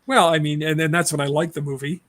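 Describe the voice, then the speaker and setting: A man's voice: on the high side, fairly even intonation, quick pace, a bit bright, no room sound. A man co-hosting a casual movie podcast, blunt and opinionated and laughing often. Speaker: podcast co-host.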